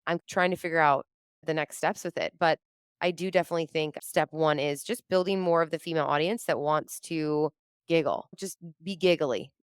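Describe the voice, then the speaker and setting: A woman with a smooth, clear voice that sits a little low, recorded close and dry with no room sound. She chats casually as a podcast guest, telling a story with lots of animation and acting out what she and others said. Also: normal speed, dry recording. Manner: animated, acts out her own quotes, laughs often. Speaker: podcast guest, comedian and entrepreneur.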